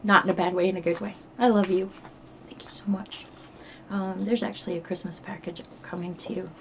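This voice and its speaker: A woman's voice: on the low side, flat delivery, fast talker, fairly bright tone, a little hiss or hum. A middle-aged woman from upstate New York chatting casually in a diary vlog, rambling and swearing freely. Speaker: vlogger.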